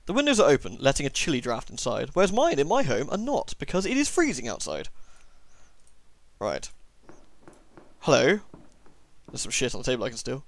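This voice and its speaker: A man's voice: medium pitch, huge pitch swings, moderate pace, creaky, long pauses, dry recording. A young man giving casual gameplay commentary with sarcastic, joking asides. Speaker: let's play host.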